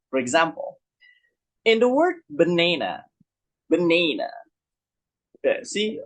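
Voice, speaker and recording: A man presenting a lesson on English pronunciation, repeating example words slowly and asking listeners if they follow. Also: a little high, husky, rough recording. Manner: asks listeners rhetorical check questions. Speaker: student presenter.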